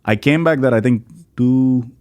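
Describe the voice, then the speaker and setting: A man's voice: medium pitch, moderate pace, a little mellow, no room sound. A man from India with an Indian accent, a stand-up comedian telling stories as a podcast guest in a rambling, casual way full of "like, you know". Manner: rambling, filler-heavy, with lots of "like, you know". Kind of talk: casual storytelling chat.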